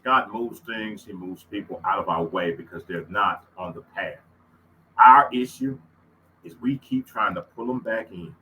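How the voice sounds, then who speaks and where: A man, co-hosting a casual faith-minded podcast chat. He is excitable, laughs often and bursts up high. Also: unhurried, poor audio. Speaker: podcast co-host.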